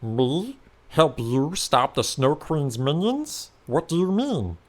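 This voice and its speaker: A man voicing a small, wary, furry cave changeling with a rumbling voice in a narrated fantasy story. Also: very animated, slow, exaggerated voice. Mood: hesitant.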